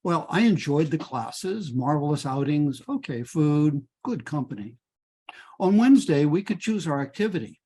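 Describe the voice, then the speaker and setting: An older man reading his own personal story aloud in a measured, deliberate way. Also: a little high, big pitch swings, mellow, breathy edge.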